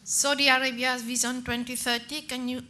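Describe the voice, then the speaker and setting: A woman's voice: high-pitched, flat delivery, brisk, pushed and bright. A woman in the audience asking a short, direct question. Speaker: audience member.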